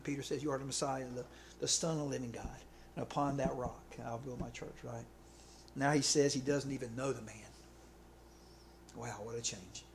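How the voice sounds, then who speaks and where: A man with a slightly high voice delivers a sermon conversationally, often checking in with listeners through "okay" and "right." There is a little background noise.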